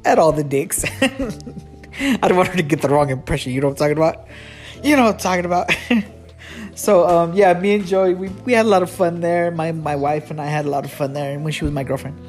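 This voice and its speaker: A man's voice: a little high, quick pace, a little mellow, faint music behind. A man telling a casual storytime anecdote, rambling and restarting often, laughing at his own story.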